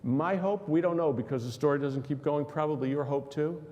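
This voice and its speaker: A man's voice: a little high, brisk, warm tone. A man preaching a sermon as pastor, asking questions of the congregation and acting out quotes. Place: church sanctuary. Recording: long hall reverb.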